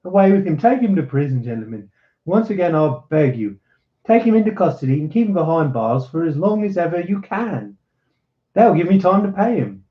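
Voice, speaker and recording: A man's voice: a little high, big pitch swings, fairly quick, roomy sound, highs cut off, pitched above the performer's own voice. A man voicing a bold, cunning young swordsman who talks in a raised, emphatic, commanding way. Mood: mocking.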